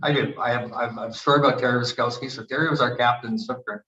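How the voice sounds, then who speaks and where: A man in his sixties from Canada, a retired hockey player telling animated stories at a book event and acting out the quotes. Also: mid-range voice, very fast. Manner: animated anecdotes with acted quotes. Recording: echoey, dull room recording.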